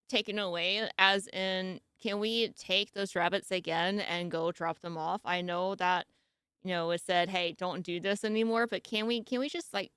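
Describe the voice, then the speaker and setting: A woman's voice: mid-range voice, a bit bright, clear, resonant tone, no echo, studio quality. A woman streamer reacting to a video in casual chat, giggly and teasing as she pokes fun at long-winded wording.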